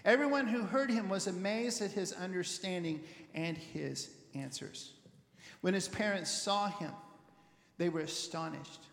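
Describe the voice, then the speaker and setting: A male pastor preaches in a loose, animated storytelling way, often restarting and repeating words as he thinks aloud. His voice sits fairly high. The recording is roomy, with a long reverb tail from a church hall. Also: unhurried, gravelly. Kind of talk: conversational sermon.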